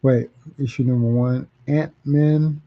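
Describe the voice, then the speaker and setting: A man's voice: medium pitch, fairly even intonation, slow pace, highs cut off. A man hosting a live comic auction stream, chatting casually, repeating prices and titles and reading out viewer comments.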